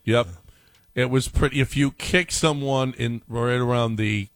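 A man's voice: medium pitch, fairly even intonation, measured pace, no room sound. A man co-hosting a sports show, chiming in with wry, brief remarks. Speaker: radio sports show host. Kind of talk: casual sports banter.

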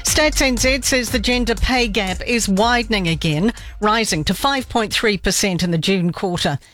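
A woman reading a radio news bulletin, measured and crisp. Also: medium pitch, a bit bright, soft background music. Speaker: newsreader.

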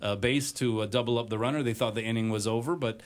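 A man hosting a sports talk radio show in a relaxed, conversational way. He pauses often and fills the gaps with hesitant uhs and ums. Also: medium pitch. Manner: many filler uhs and pauses.

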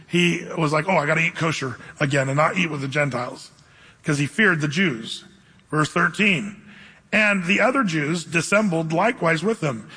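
Bright-voiced man preaching in a hall. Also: sits high, breathy edge. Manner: preaching with emphatic scripture reading and asides. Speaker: pastor. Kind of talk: sermon. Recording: long hall reverb.

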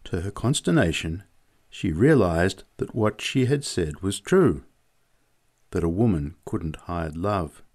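A man narrating a novel in a measured, expressive audiobook reading. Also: low voice.

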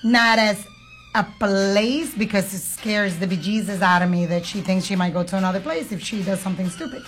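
Casting: woman in her 30s from Puerto Rico, podcast co-host, earnest and open, animated when quoting her kids, faint music behind. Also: mid-range voice, brisk. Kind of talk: candid conversational chat.

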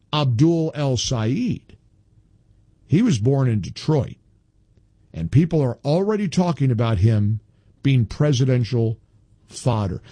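A man's voice: mid-range voice, warm tone, no room sound. A man hosting a political talk radio show, emphatic and repeating himself when worked up.

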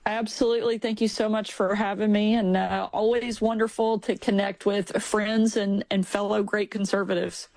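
A woman's voice: medium pitch, little pitch movement, moderate pace, few pauses, a little mellow, dry recording. A woman in her forties, a governor appearing as a podcast guest, telling personal anecdotes casually with frequent fillers. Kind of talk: casual interview storytelling.

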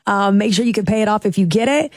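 A woman's voice: medium pitch, quick pace, no echo. A chatty woman co-hosting a nightly radio show, talking freely and acting out other people's lines as she tells a story. Her voice sits in a middle range. The studio sound is close and dry. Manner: chatty, animated, acts out quotes. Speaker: radio co-host. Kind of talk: casual radio chat.

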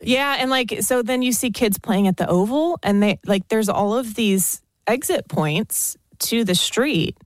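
A woman's voice: on the high side, unhurried, hardly any pauses, dry recording, clean studio sound. A young adult woman from the United States, chatting casually and animatedly, with lots of "like". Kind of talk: casual chat.

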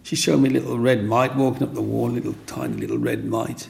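A man's voice: medium pitch, huge pitch swings, fast talker, creaky, a little mellow. An older man telling his own story in a rambling, restart-filled way, as an interviewee. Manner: rambling, with restarts and "you know what I mean".

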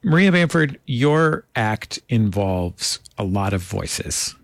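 A man's voice: lowish voice, very animated, slow pace, dry recording, clean studio sound. A man hosting an interview, chatting casually and joking playfully with his guest. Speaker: interview host.

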